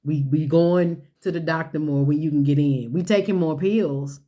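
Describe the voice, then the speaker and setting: A woman's voice: deep voice, moderate pace, mellow. A woman giving a motivational sermon-style talk, building on repeated rhetorical questions and folksy phrasing. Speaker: speaker.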